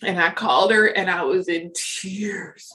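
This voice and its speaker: A woman's voice: on the low side, unhurried, sharp tone. A middle-aged woman talking frankly and casually as a podcast guest, with lots of fillers. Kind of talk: casual interview chat.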